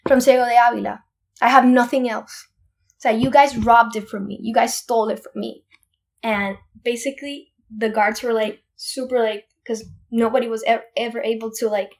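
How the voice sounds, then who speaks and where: A young woman from Puerto Rico, a podcast guest, retelling a family story in an animated, emphatic way with many restarts. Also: a little high, creaky. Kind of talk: casual storytelling.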